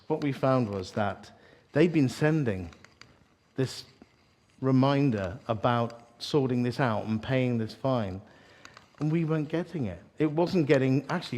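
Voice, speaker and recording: A man preaching a storytelling sermon, animated and self-mocking, acting out the voices in his story. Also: medium pitch. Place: church hall, live audience.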